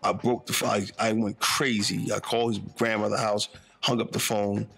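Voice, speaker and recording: A man's voice: on the low side, little pitch movement, moderate pace, gravelly, a bit bright, husky, faint music behind. A man in his fifties from northern New Jersey, telling his own life story in a reflective, conversational way with street slang, often asking if the listener follows him. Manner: conversational, street slang, keeps asking "you know what I'm saying". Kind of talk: reflective first-person storytelling.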